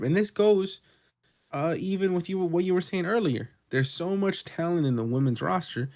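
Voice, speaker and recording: Male co-host, casual recap chat, swears often, rambles with excitement. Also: mid-range voice, moderate pace. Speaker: podcast co-host.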